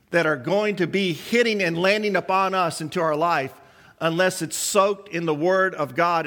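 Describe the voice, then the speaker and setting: Pastor, male, high voice, preaching with rhetorical questions, big reverberant room. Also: a bit bright. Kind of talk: sermon.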